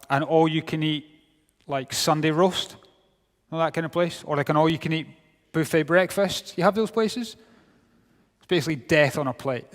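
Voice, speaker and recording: A middle-aged Scottish man giving a sermon to young people, wry and humorous, dropping to quiet for serious points. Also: a little high. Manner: humorous, wry storytelling with sudden drops to quiet. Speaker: youth speaker. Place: large hall. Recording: long hall reverb.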